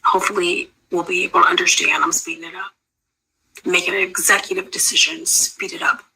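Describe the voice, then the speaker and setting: Dry, bright-voiced woman host. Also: fairly low pitch, fairly even intonation, a little fast, creaky, slight background noise, poor audio. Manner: dry, impatient, terse. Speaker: host reacting to a clip. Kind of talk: reaction commentary.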